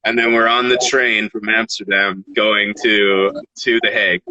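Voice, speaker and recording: A man from Canada, a guest rapper, telling casual stories in an animated, swearing way. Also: lowish voice, measured pace, no room sound, highs cut off. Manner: animated, swearing, laughs between phrases. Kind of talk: casual storytelling.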